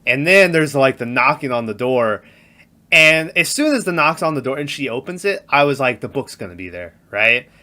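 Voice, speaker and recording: A man's voice: a little high, normal speed. A man co-hosting a casual movie podcast, retelling scenes and acting out quotes. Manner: animated, acts out quotes in raised voices. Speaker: podcast co-host.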